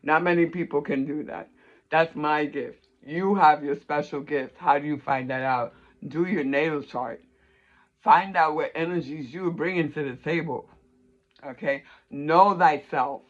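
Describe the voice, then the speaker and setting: A woman's voice: deep voice, steady tone, measured pace, dull audio. A woman in a casual, rambling monologue who swears freely and laughs mid-sentence. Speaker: vlogger on astrology and tarot.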